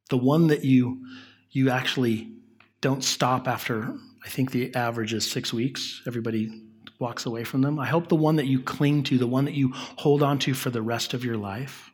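Male pastor, relaxed conversational preaching, slightly husky tone, leans quiet for emphasis. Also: medium pitch. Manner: conversational, drops to a soft hush on key lines. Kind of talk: sermon.

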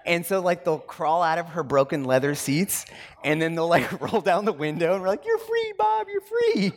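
A man in his thirties preaching a sermon in a loose, conversational way, with lots of fillers and lively storytelling. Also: fairly high pitch, moderate pace, slight background noise. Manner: conversational and animated, many fillers. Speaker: pastor.

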